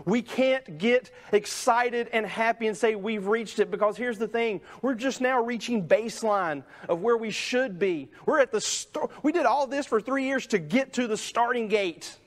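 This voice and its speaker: A man's voice: very high voice, normal speed, hardly any pauses. A man pastor preaching a sermon in a conversational way, often tagging sentences with "right?" and acting out the voices of people in the story. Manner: conversational preaching, many "right?" tags, acts out quoted voices. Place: church sanctuary.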